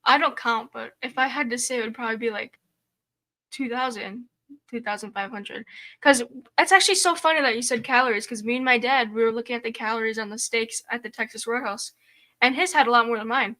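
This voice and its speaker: A teenage girl co-hosting a livestream with her father, speaking casually with many fillers and pauses. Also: a little high. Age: teens. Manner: relaxed, hesitant, lots of fillers. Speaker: host's daughter, co-host.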